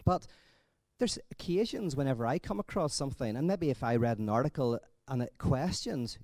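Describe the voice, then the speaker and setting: A man giving a conference talk in a conversational, thinking-aloud way, telling jokes with lively energy. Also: medium pitch, moderate pace, dry recording. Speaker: conference speaker.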